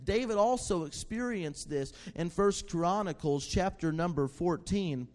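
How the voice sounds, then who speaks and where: A man preaching a sermon, moving from calm teaching to fervent, shouted exhortation. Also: sits high, a little slow.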